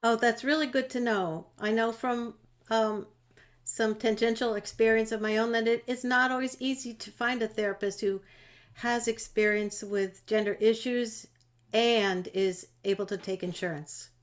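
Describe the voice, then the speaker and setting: A woman's voice: fairly high pitch, fairly even intonation, normal speed. Woman moderating a video call panel. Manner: friendly, chatty, with fillers and restarts.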